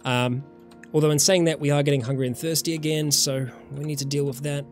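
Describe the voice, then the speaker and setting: A man's voice: a little high, level tone, a little fast, music in the background. Easygoing New Zealand man streaming a game. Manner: casual, thinking aloud, chatting with viewers. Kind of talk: live gameplay commentary.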